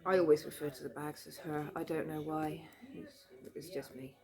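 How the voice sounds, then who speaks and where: A British woman chatting casually into a camera at home, rambling cheerfully with plenty of fillers and little laughs. Her voice sits a bit low for a woman. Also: steady tone, normal speed, dark tone. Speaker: vlogger. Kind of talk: casual show-and-tell chat. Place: home room.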